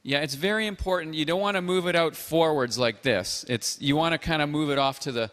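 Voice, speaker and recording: A man hosting a call-in show, answering callers in an earnest, measured way and pausing often on fillers. His voice sits a touch high and rings out with a long reverb tail. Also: a bit bright. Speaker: host.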